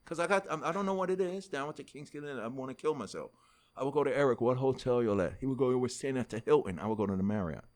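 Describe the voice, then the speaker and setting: A man's voice: mid-range voice, quick pace. A middle-aged man with a New York accent, a rapper telling a long story as a podcast guest, acting out the voices of other people and swearing freely. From United States. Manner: animated storyteller who acts out dialogue, swears freely. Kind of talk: storytelling in a casual interview.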